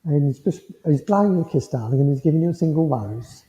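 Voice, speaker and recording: Gentle man, hall reverb. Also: on the high side, animated, fast talker. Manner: gentle, reassuring, checks in with "yeah?" often. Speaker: medium. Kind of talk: mediumship demonstration to a congregation. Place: village hall. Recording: muffled hall sound with long reverb.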